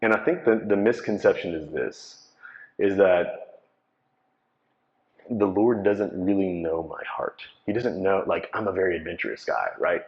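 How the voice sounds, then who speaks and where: Man, 30s, very low voice, storytelling testimony, acts out quotes, muffled lo-fi sound. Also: lively intonation, unhurried. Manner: conversational storyteller who acts out dialogue. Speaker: speaker giving personal testimony. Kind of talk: storytelling talk to a live audience. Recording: dull lo-fi recording.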